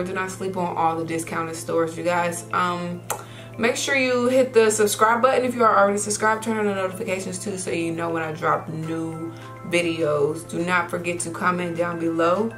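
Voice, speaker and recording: A woman's voice: fairly low pitch, fairly bright tone. A woman talking casually to her viewers in a haul vlog, chatty and saying y'all often. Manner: chatty, says y'all a lot. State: out of breath. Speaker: vlogger.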